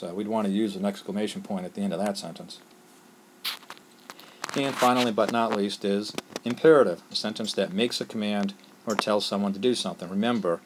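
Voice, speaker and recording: A man's voice: lowish voice, noisy background. A man teaching a lesson on a screencast, explaining step by step with patience and often asking "all right?".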